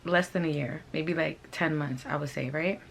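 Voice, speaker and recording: A woman's voice: sits low, fairly even intonation, normal speed, creaky, slight background noise. A woman hosts a fashion channel and tells a story-time tale in a laid-back, slangy way, talking straight to her viewers. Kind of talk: casual story-time chat.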